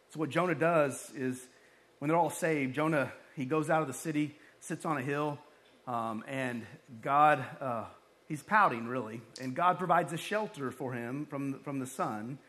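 A male pastor preaching a lively sermon, with joking asides and acted-out quotes. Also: a little high.

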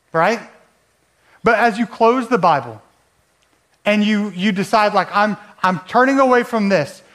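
A pastor preaches in a conversational way, often putting rhetorical questions to his listeners. His voice is high with a fairly bright tone.

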